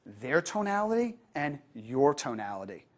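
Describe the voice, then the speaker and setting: A woman giving a training lecture on customer service, lively and acting out the customers she quotes. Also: a bass voice, a little slow.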